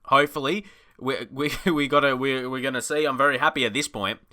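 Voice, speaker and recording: An Australian man giving casual, excitable commentary over a football management game, chatty and laughing often. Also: medium pitch, a little fast. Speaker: gaming YouTuber.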